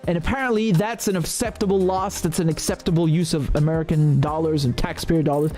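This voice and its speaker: Hosting a live political show over faint background music, a man rants with sarcasm and indignation, cursing freely. His voice is fairly high and a little mellow, with fairly even intonation and a brisk pace.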